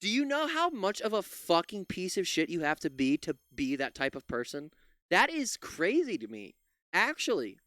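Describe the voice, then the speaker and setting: His voice sits high with huge pitch swings and a sharp tone as this political commentator angrily reacts to clips at a moderate pace. He curses constantly and restarts often, recorded dry in studio quality.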